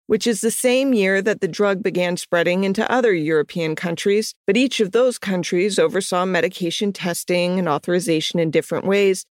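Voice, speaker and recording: A woman hosting a podcast, giving scripted history narration in an even, measured read with chatty asides. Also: fairly low pitch, no room sound, studio quality. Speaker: podcast host.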